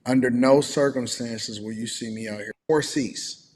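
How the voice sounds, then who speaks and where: A man's voice: medium pitch, fairly even intonation, normal speed, a little mellow, in a large hall. A man co-hosting a livestream, giving emphatic, opinionated commentary in a lecturing way. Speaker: livestream co-host.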